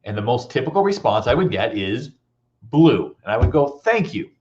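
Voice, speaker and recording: A man giving a motivational talk, telling comic stories in an animated, playful way. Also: mid-range voice, fast, muffled recording. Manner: animated storytelling, playful and teasing. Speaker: motivational speaker.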